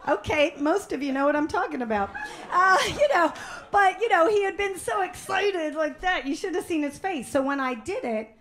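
A woman performing a deadpan stand-up comedy set on stage before a live audience. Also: very high voice, normal speed.

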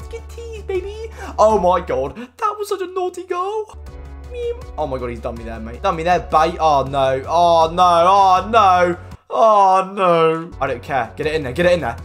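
A young man commentating his own football video game matches, excitable and swearing, often yelling at the players. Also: high voice, moderate pace, faint music behind. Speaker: gaming YouTuber. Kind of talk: live gameplay commentary.

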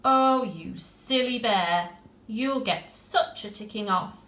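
A woman voicing a cross, bossy little girl who scolds her bear loudly. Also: fairly high pitch, takes it slowly, reverberant. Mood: exasperated.

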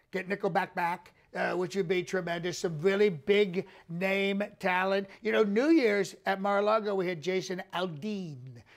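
A man playing a boastful former president who rambles, repeats phrases and praises himself without pause. The voice sits high for a man and has a gravelly edge, delivered as an improvised comic press conference. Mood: rambling. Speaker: comedian doing a live impression.

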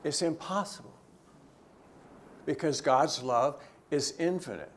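A man's voice: takes it slowly, a little hiss or hum. Man giving a conversational church teaching. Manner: conversational, swings between lifted emphasis and quiet, low asides. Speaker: theologian teaching a church session. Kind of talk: teaching talk to a church group. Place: church gathering.

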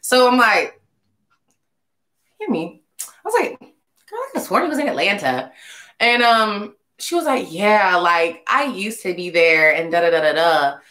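A young woman chats through a casual storytime, her pitch leaping and dipping as she acts out the people in her tale. She talks in loose slang with lots of energy. The room has a noticeable echo around her voice. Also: sing-song, a little slow, pauses often, pushed and bright. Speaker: singer vlogging a story. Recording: echoey room.

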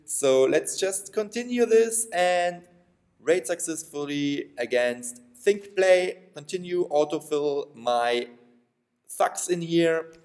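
A man giving playful, excitable commentary over a game, taunting his opponents and laughing often. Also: on the high side, takes it slowly. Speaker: gaming commentator. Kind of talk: excitable let's-play commentary.

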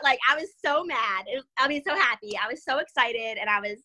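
A young adult woman, an MMA fighter, telling stories in an interview in a lively way, quick, full of "like" and laughter. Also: high voice. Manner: animated, fast, full of "like" and laughter. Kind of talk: casual storytelling interview.

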